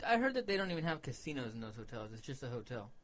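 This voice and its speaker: A man co-hosting a podcast in casual chat, laughing often and throwing in quick crude jokes. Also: medium pitch, very animated, fairly bright tone. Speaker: podcast co-host.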